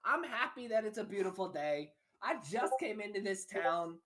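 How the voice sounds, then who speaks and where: A woman's voice: high voice, expressive, measured pace, pushed and bright, husky, voice pushed up, full character voice. A woman voicing a cheerful traveling male singer who boasts and chatters. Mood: boastful.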